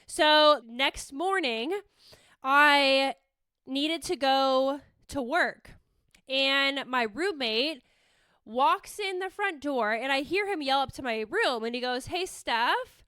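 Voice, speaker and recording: A young woman from the Bay Area hosting a podcast, telling a story in a rambling, animated way with lots of "like". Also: high-pitched, slow pace, no echo, studio quality. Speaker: podcast host. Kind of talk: casual storytelling chat.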